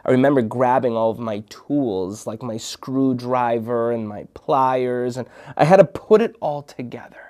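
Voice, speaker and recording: A man's voice: medium pitch, measured pace, few pauses, mellow. A man from Minnesota hosting a children's show, telling a story dramatically and dropping into whispers for suspense. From Minnesota, United States. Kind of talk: storytelling for kids.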